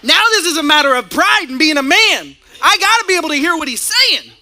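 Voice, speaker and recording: Bright, high-voiced, animated pastor. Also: male voice, fairly quick. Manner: animated storytelling with frequent laughter. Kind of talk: sermon. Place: church stage before a congregation.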